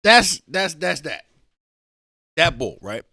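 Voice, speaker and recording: Podcast guy chatting loose in aave, bright voice, swings his pitch a lot. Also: slow pace, no echo, studio quality. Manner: storytelling, animated, repeats and restarts words. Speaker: podcast co-host. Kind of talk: casual chat.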